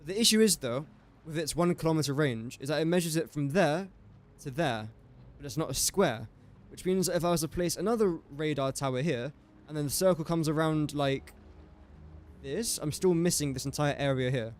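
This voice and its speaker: A young man from England streams a building game, casually thinking aloud and chatting to his viewers. His voice runs on the high side at a moderate pace.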